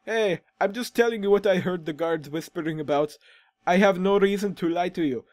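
A man's voice: a little high, expressive, mellow. A man voicing a frail, weary old male prisoner in a put-on accent, reading game dialogue. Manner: a put-on odd accent, halting delivery. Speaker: gaming commentator voicing a game character.

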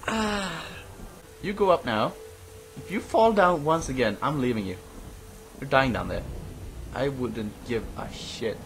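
A young man, a let's play host, offers casual, excitable gaming commentary, teasing and cursing at his teammate. He speaks at a measured pace with long pauses, and the audio comes from a noisy, low-quality webcam mic.

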